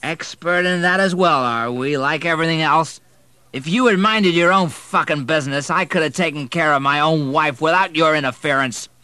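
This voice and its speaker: Male narrator doing a thick-tongued, slurring drunk, loud and high. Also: very animated, unhurried, no room sound, heavily acted. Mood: drunken sneering. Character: drunken angry middle-aged man.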